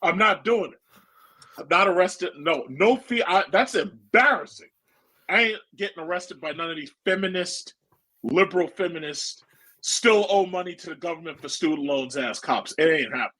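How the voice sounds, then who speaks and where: A man's voice: high-pitched, expressive, normal speed, sharp tone. A man hosting a stream, giving blunt, joking and profane reaction commentary in a casual way. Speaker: stream host.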